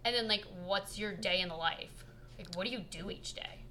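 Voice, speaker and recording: A woman's voice: medium pitch, normal speed, bright, forceful tone, slight background noise. A woman in her twenties hosting her podcast, chatting casually in a playful, teasing way. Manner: playful, teasing, laughs often. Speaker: podcast host.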